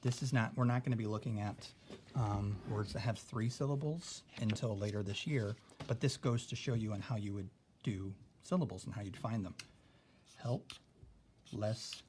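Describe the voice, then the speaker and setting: Male teacher, lowish voice, patient step-by-step explainer, keeps asking "okay?", light background noise. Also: darkish tone. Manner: explains slowly, adds "okay?" often. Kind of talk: recorded spelling lesson.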